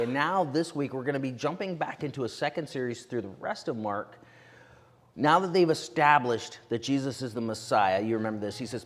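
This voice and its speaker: A man preaching in a church, his voice sitting at an ordinary middle pitch. He tells stories in an animated way and slips in quick asides to the congregation. A long reverb hangs on every phrase in the big room. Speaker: pastor. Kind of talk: sermon. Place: church sanctuary.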